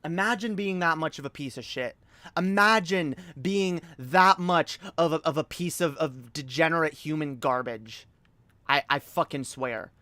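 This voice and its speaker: A woman's voice: deep voice, unhurried, a bit bright, dry recording. A woman hosting a livestream, ranting angrily with lots of swearing and repetition. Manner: angry, profane, repetitive. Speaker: livestream host.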